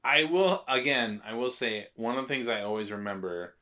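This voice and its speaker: A man on a movie podcast talks in a laid-back, wry way. His medium-pitched voice has a bright, forward edge to it. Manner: laid-back, wry, quick agreeing interjections. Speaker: podcast co-host. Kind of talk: casual chat about movies.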